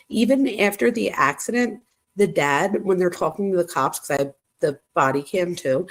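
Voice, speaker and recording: A woman with a somewhat low voice hosts true crime commentary. She reads text messages aloud in a casual, chatty way and drops her own reactions between them. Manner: chatty, reacts aloud while reading quoted texts.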